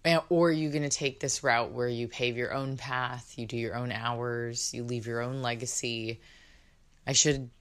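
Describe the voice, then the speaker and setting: A woman's voice: extremely low pitch, steady tone, moderate pace, clear, resonant tone. A woman hosting a podcast in casual chat, bubbly and rambling, laughing often, recorded indoors. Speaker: podcast host. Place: indoors in London.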